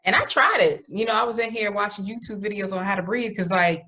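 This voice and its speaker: A woman co-hosting a podcast in casual chat, animated and jokey, laughing often. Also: medium pitch, quick pace, lo-fi sound. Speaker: podcast co-host.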